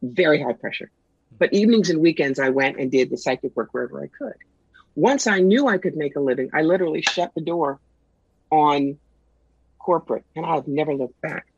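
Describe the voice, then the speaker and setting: A middle-aged woman, a guest psychic and author, telling stories in a brisk, wry, punchy way in a casual interview. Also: low voice, lively intonation, a little mellow, slightly rough, no room sound. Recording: dull lo-fi sound, dry.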